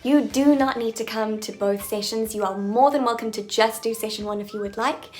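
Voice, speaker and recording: A woman's voice: on the high side, brisk, a little mellow, soft background music. A woman accent coach making an upbeat announcement to her viewers, with playful, jokey asides.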